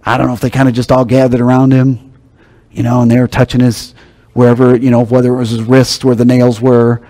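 A man's voice: mid-range voice, monotone, fairly quick, mellow. A man preaching a sermon, teaching in a conversational, emphatic way. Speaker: pastor.

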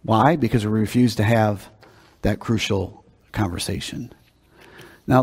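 A man's voice: medium pitch, warm tone, slightly rough. A man preaching a sermon in a conversational, emphatic way, often repeating words as he builds a point. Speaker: pastor. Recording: long hall reverb.

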